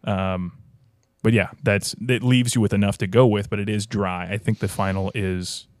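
A man's voice: fairly low pitch, fairly even intonation, moderate pace, no echo. A man, a head brewer and podcast guest, talking shop in a rambling, technical, think-aloud way. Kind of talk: casual chat.

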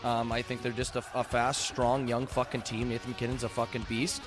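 A man with a mid-range voice hosts a relaxed, profane podcast conversation, chuckling often and tossing out questions. Faint music sits under his voice. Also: medium pitch, brisk. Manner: loose, profane, laughs easily. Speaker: podcast host. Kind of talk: casual podcast chat.

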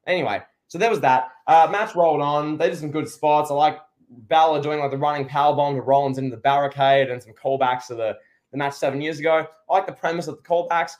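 A man with a fairly high voice talks casually through a wrestling show as a podcast co-host. He rambles and restarts his sentences, then turns sarcastic. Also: fairly even intonation, a little fast. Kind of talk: casual wrestling review chat.

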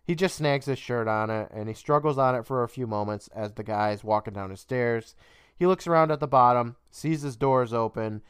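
A man's voice: mid-range voice, normal speed, smooth, no room sound, clean studio sound. A man co-hosting a podcast, recapping a show casually, swearing freely and laughing often. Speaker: podcast co-host.

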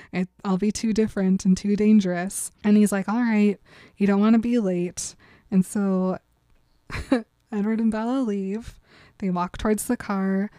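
A woman's voice: medium pitch, fairly even intonation, measured pace, mellow, dry recording. A woman co-hosting a casual podcast, recapping a story in a chatty, giggly way with lots of fillers. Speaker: podcast co-host. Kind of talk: casual book recap chat.

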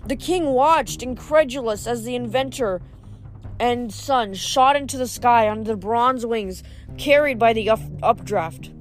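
A woman's voice: on the high side, a little slow, faint music behind. A woman reading chapters of a novel aloud, often stumbling over words and restarting. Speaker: reader.

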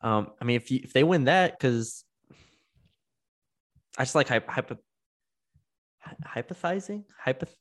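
A man's voice: mid-range voice, a little slow, long pauses. A man co-hosting a sports podcast, reading off scores and stats in casual chat and now and then tripping over a word. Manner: talks through stats, trips over words. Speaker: podcast co-host.

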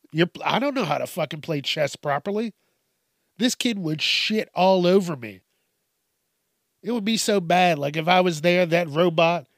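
A man's voice: a little high, dry recording, studio quality. A man hosting casual comedic news commentary, swearing often, laughing and riffing on stories.

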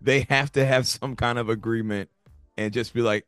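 A man co-hosting a casual movie review chat, talking in animated bursts with stammering restarts and sudden jumps between loud and soft. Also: medium pitch, moderate pace, smooth, dry recording, faint music behind. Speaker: podcast co-host.

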